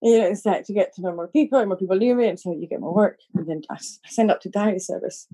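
Spanish woman, Scottish-tinged accent, podcast guest, soft husky mellow voice, laughs a lot. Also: medium pitch, fast talker. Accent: Spanish with a Scottish lilt. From Spain. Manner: laughs often, rambling with restarts. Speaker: podcast guest, focus puller. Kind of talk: casual interview chat.

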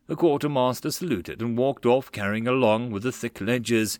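A man narrating a web novel audiobook in a lively, expressive way. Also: medium pitch, moderate pace, hardly any pauses, no echo, clean studio sound.

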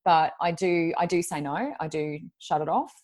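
A woman who works as a medium is a guest on a podcast, casually telling a long, rambling story full of fillers. Her voice is low-pitched and darkish, at a moderate pace.

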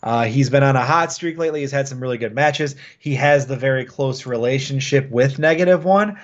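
A man's voice: medium pitch, a little fast, muffled recording. A man co-hosting a casual wrestling podcast, riffing and joking with his co-host. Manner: jokey, riffing, does goofy bits.

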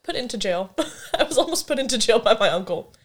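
A woman's voice: a little high, sing-song, soft background music. A woman in her twenties telling a profane story in a casual chat. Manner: fast, profane, laughing storytelling.

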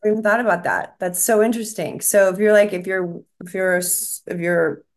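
A woman's voice: mid-range voice, brisk. A woman talking as a psychic medium in casual chat, rambling and restarting as she relays what she is shown.

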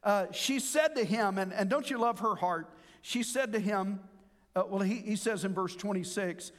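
High-voiced preacher in a reverberant hall. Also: male voice. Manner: earnest, warm expository preaching with drawn-out emphasis. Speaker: pastor. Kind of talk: sermon.

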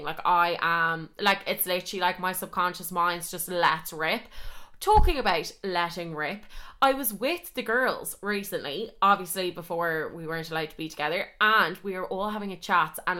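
A woman's voice: lowish voice, sharp tone. A young woman in her twenties hosting a podcast, telling a story in a chatty, casual way with lots of fillers and swearing. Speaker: podcast host.

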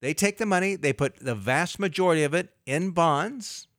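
A middle-aged man, a financial advisor, explaining investing on a radio talk show in a lively way with everyday analogies. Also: a little high, moderate pace, no echo, clean studio sound.

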